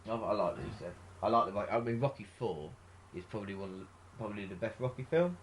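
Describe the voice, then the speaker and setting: A man's voice: lowish voice, animated, fast talker, slight background noise. A man with an English accent hosting a podcast, chatting casually and laughing often. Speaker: podcast host. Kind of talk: casual chat.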